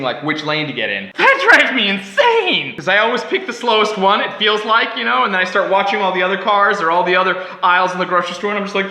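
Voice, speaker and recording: Animated high-voiced man telling a story. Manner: animated, exaggerated, self-mocking. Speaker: vlogger. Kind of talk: comic storytelling to camera. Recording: echoey room.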